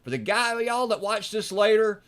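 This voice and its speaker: A man from Mississippi with a Southern accent, hosting a livestream and ranting in a fiery, preachy way, often breaking into shouts. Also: high-pitched, expressive, normal speed. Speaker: livestream host.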